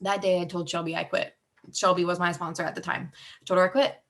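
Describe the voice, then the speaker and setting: Chatty young woman, lower voice. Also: level tone, fast talker, fairly bright tone. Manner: rambling, filler-heavy, heartfelt. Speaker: team director giving a mindset talk. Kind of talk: casual personal story to her team.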